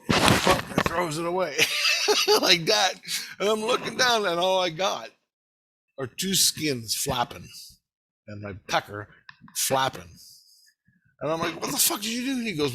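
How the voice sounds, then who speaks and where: Husky man rambling through a profane story. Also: fairly high pitch. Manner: profane, rambling, animated retelling with laughs. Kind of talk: casual storytelling monologue.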